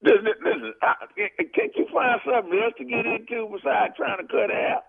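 A man's voice: very high voice, lively intonation, fairly quick, creaky, husky. Angry man on a tinny phone line. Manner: loud, blunt, exasperated, bleeped swearing. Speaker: barbershop owner on a prank call. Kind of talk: heated phone argument. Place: on a phone call.

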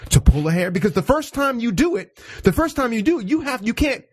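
Very high-voiced and brisk, a man co-hosting a podcast relays a story in relaxed conversation, animatedly performing the voices of its characters.

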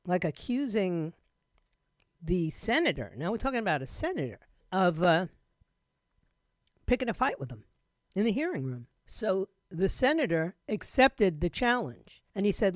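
A woman hosting a talk radio show with a scratchy throat, retelling news in an animated way with laughing asides. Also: medium pitch, moderate pace, long pauses, no echo, studio quality.

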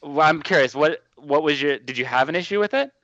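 A man in a casual discussion who gives measured, short replies. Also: on the high side, lively intonation, fairly bright tone, dry recording. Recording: dull lo-fi audio.

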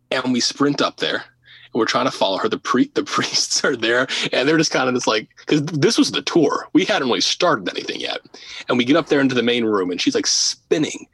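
Man, podcast guest, casual storytelling, laughs a lot, stumbles and repeats, hushed at tense bits, husky, dry. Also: mid-range voice, no echo, poor audio. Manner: animated, laughs often, repeats words; drops to a hushed voice for tense moments. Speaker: podcast guest, paranormal investigator.

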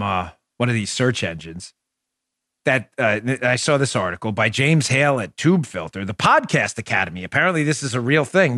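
A man hosting a political talk podcast, talking in an animated, joking monologue that slides into mock pleading. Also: mid-range voice, dry recording, clean studio sound. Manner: excitable, mock-pleading, jokey. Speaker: political talk show host.

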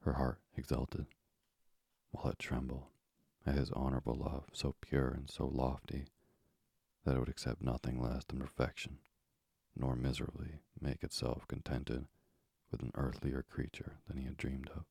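Very deep gravelly male narrator. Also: monotone, moderate pace, a little mellow, dry recording. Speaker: audiobook narrator. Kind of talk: literary narration.

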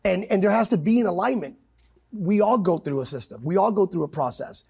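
A man's voice: animated, fairly quick, creaky, a little mellow, slightly rough. A man preaching with passion in a talk-show conversation, emphatic and quoting scripture. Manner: emphatic, quotes scripture, swings pitch widely. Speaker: pastor guest.

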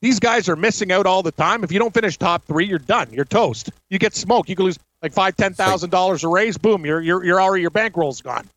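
A man's voice: high voice, brisk, few pauses, a bit bright, no echo, low-quality recording. A man co-hosting a betting show, talking in a blunt, emphatic, casual way. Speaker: co-host. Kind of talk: casual chat.

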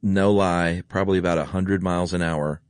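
A man's voice: deep voice, steady tone, brisk, clear, resonant tone, no room sound, clean studio sound. A man co-hosting a podcast in casual chat, joking and telling rambling personal stories. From Atlanta area, US. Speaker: podcast co-host.

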